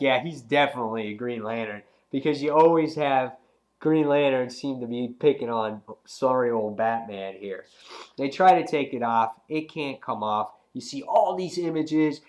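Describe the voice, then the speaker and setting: A young man with a cold, reviewing a comic book in a rambling, slangy, excitable way. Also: on the high side, unhurried. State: has a cold. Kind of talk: casual video review.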